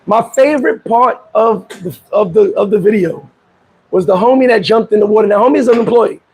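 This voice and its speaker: A man hosting a casual commentary video, telling a story in an animated way and acting out the people he quotes. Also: high voice, a little fast, slightly rough, rough recording. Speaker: vlog host. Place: Dominican Republic.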